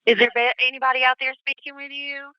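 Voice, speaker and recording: 911 dispatcher lady, calm n reassuring, highish voice, dry muffled line. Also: quick pace, clean tone, no echo. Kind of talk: emergency phone call. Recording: dry muffled phone call recording.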